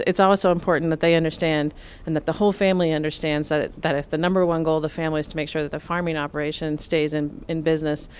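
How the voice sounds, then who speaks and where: A middle-aged woman from Nebraska answering interview questions about farm finances in a measured, explanatory way, with frequent fillers. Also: low voice, clear, resonant tone. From Nebraska, USA. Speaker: farm finance expert, guest.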